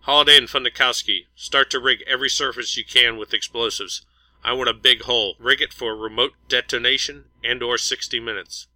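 A man voicing a commanding male ship captain who gives crisp, firm orders. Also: mid-range voice, steady tone, brisk, sharp tone, no echo, rough recording.

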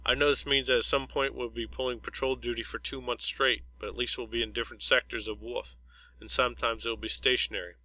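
A man voicing a calm, good-humored male squad leader giving a steady briefing in a storybook reading. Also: medium pitch, brisk, no echo, low-quality recording. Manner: steady, matter-of-fact briefing.

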